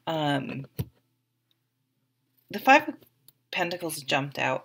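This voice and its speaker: A woman's voice: fairly high pitch, expressive, slow pace, pauses often, a bit bright. A woman giving a casual, chatty tarot reading to the camera, rambling a little with restarts and asides. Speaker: tarot reader.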